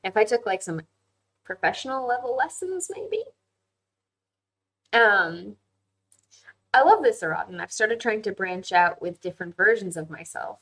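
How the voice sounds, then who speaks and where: A woman's voice: mid-range voice, expressive, unhurried, long pauses, a bit bright, poor audio. A young woman hosting a casual livestream chat and reading viewer comments, talking freely, laughing easily and often saying "like". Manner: chatty, frequent "like" fillers, laughs easily.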